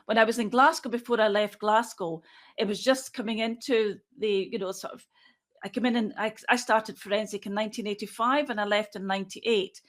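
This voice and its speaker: A woman in her sixties, a forensic pathologist, answering interview questions in a measured, matter-of-fact way as she thinks aloud. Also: medium pitch, steady tone, a bit bright.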